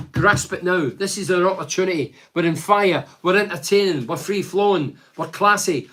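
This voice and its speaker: An older man from Scotland talking casually about football as a pundit, reading out fan messages and rambling with lively asides. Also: fairly high pitch, moderate pace, hardly any pauses. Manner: animated, chatty, rambling with asides. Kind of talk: casual solo football commentary.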